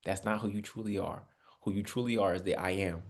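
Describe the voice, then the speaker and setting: A man's voice: deep voice, fairly even intonation, fairly quick. Man preaching with rhetorical questions. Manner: conversational preaching, addresses listeners as family, rhetorical questions. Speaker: Bible study teacher. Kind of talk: spiritual teaching. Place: online Bible study session.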